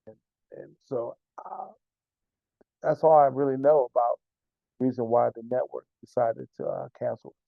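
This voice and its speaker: A man's voice: mid-range voice, steady tone, moderate pace, vocal fry, long pauses, dry recording. A man, a team's general manager and coach, answering interview questions earnestly, repeating himself and stumbling over words. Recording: tinny phone line, dry.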